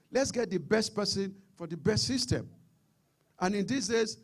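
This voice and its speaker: Nigerian guy lecturing a seminar, higher voice with some gravel, keeps repeating himself for emphasis. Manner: emphatic, repeats words and restarts phrases. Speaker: seminar speaker. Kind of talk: public lecture.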